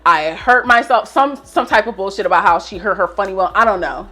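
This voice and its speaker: A woman's voice: mid-range voice, animated, fast, bright, forceful tone, slightly rough, soft background music. A young woman in her twenties telling a storytime rant to her viewers, swearing and fired up as she vents. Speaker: vlogger.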